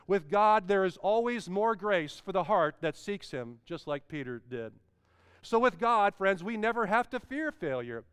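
A man's voice: high voice, fairly bright tone, smooth, no echo, clean studio sound. A man preaching a sermon as pastor, with swelling emphasis and repeated phrases.

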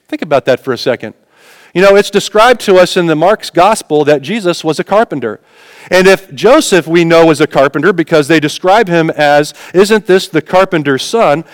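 A man's voice: high voice, dry recording, long reverb tail. A man preaching a sermon in a conversational way, telling personal stories and asking the congregation questions. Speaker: pastor.

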